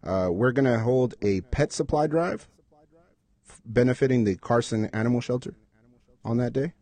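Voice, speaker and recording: Relaxed man giving event announcements. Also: mid-range voice, normal speed, dry recording. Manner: relaxed, hesitant with many ums. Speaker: supporters group announcer. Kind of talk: casual announcements on a podcast.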